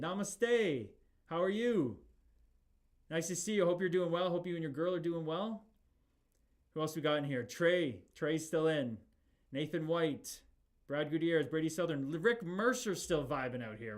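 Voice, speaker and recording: Emphatic, preachy man hosting a livestream. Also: fairly high pitch. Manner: emphatic, preachy, repeats himself. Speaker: podcast host reading live chat. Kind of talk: livestream talk.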